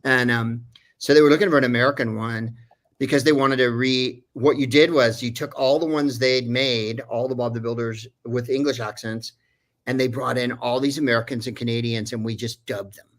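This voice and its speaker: Man, voice actor, casual anecdote, rambling, digressive, lots of ums and uhs, middle pitch. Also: steady tone, normal speed, a bit bright. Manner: rambling, digressive, many fillers. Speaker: voice actor guest.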